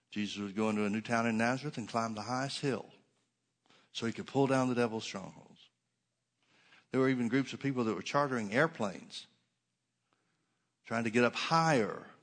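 A middle-aged man preaching a Sunday sermon from the pulpit. He talks at an ordinary pitch and leans into key words with slow, stressed repetitions. His tone turns sarcastic when he mocks ideas he rejects. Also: a bit bright. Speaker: pastor.

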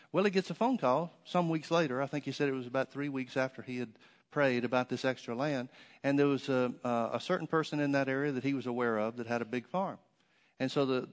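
A man's voice: mid-range voice, long reverb tail. A man preaching a sermon, telling a story and repeating key phrases for emphasis.

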